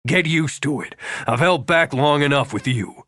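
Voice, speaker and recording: A man's voice: a little high, normal speed, fairly bright tone, no echo, voice pushed up. A man doing a bitter hot-tempered young man. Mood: angry. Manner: curt, bitter, clipped. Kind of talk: audiobook character voice.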